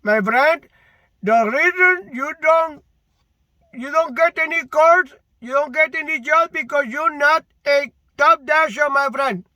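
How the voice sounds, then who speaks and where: A man mimicking a polite female support agent with an Indian accent, speaking slowly and courteously. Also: very high voice, pushed and bright, no echo, pitched above the performer's own voice, exaggerated voice, rough recording. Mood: patronizing.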